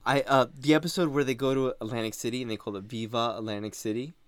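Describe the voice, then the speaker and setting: A man talks casually on a podcast, clearly excited as he goes over scenes he loves. His voice sits in a mid range. The recording is dry and close to the mic. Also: mid-range voice, quick pace, dry recording. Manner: enthusiastic, animated retelling of jokes. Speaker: podcast host. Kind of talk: casual chat.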